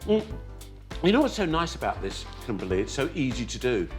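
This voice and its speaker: Man, sixties, TV cooking host, exuberant, laughs a lot, very animated pitch, soft music under. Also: brisk. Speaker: TV cookery host. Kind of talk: lively TV cooking show chat.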